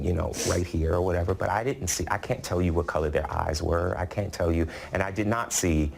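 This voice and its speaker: A man's voice: rumbling low, gravelly. A man giving a television interview, recounting events in an earnest, emotional way. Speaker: interview guest.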